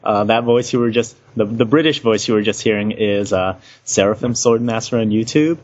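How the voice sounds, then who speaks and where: A man's voice: on the low side, moderate pace. A young man hosting a casual podcast, hesitant with many ums and laughing often. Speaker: podcast host. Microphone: online voice call. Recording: dull lo-fi call audio.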